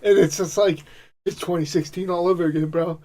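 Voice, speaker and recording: A man's voice: sits high, steady tone, fairly quick, mellow. A man co-hosting a casual podcast, ranting bluntly and with profanity in a frustrated way. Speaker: podcast co-host. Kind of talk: casual chat.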